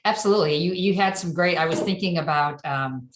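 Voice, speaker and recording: Low-voiced woman moderator in an echoey room. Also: a little hiss or hum. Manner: measured, reads out audience questions. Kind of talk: webinar moderation.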